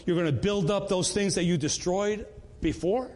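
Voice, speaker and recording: A man's voice: high-pitched, moderate pace, darkish tone. A man leading a Bible study in an earnest, conversational way, often repeating words and restarting.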